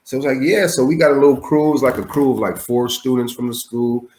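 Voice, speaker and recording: A comedian in his forties, a guest on a casual storytelling interview, tells stories over a remote call in a quick, animated, swearing style. When he acts out what he said, his pitch jumps sharply higher for the quoted lines, then drops back to a relaxed middle register.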